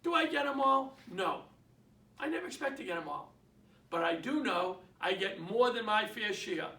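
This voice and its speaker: A middle-aged man with a Boston accent, coaching real estate agents in an energetic, emphatic way and acting out phone calls. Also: high-pitched, normal speed, recorded from a distance. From Boston area. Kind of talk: instructional talk. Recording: echoey room, speaker away from the mic.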